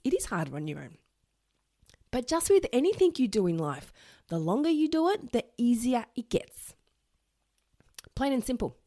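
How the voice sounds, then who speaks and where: A woman's voice: mid-range voice, a little mellow, no echo. Chatty, earnest woman podcaster, dry sound. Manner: chatty, earnest, self-deprecating. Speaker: podcast host. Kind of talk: solo motivational podcast talk.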